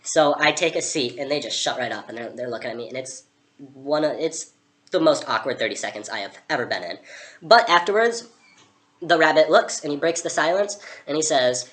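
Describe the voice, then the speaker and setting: A young woman with a very deep voice recounts her adventure in a chatty, sarcastic way. She fills her talk with casual asides. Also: animated, normal speed. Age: young adult. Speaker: vlogger playing Alice. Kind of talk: storytelling character vlog.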